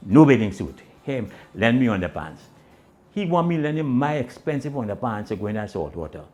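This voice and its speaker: A man telling comic stories in island dialect, acting out the people in his tales. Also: a little fast. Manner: animated, swinging pitch, voices the people in his tales. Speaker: storyteller.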